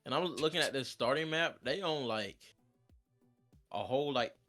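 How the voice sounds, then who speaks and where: A man's voice: medium pitch, lively intonation, normal speed, a bit bright, faint music behind. A man co-hosting a gaming podcast, talking loosely with lots of fillers and easy laughter. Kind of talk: casual chat.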